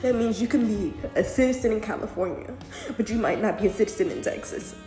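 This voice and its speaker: A woman's voice: mid-range voice, fast talker, dark tone, roomy sound, faint music behind. A woman and mother speaking earnestly in a casual monologue, near tears.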